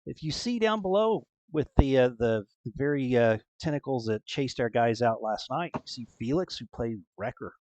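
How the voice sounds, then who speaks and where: A man's voice: medium pitch, lively intonation, moderate pace, few pauses, darkish tone, no room sound. A man hosting a tabletop game stream as game master, rambling with many fillers. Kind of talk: casual stream introduction.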